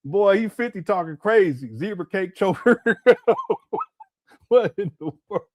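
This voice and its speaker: A man hosting lively laughing live-stream host. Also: sits high, moderate pace, dry recording. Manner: laughs often, reacts to clips.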